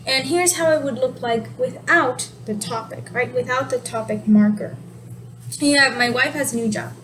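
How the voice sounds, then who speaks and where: High-voiced woman teaching a relaxed lesson. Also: moderate pace, low-quality recording. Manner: explanatory, relaxed, self-correcting. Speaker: sign language teacher. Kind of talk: casual video lesson. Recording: steady background noise.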